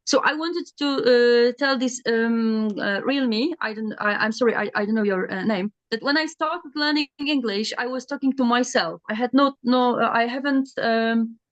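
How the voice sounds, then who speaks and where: A woman's voice: a little high, moderate pace, hardly any pauses, no echo, muffled recording. A woman learner speaking English on a video call, hesitant and full of fillers and restarts.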